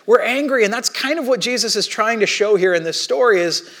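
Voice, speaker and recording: A man's voice: high voice, fairly quick. A man in his thirties preaching a sermon, telling stories in a chatty way and acting out the voices of the people in them. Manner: animated storytelling, acting out quoted voices; conversational with frequent restarts. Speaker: pastor.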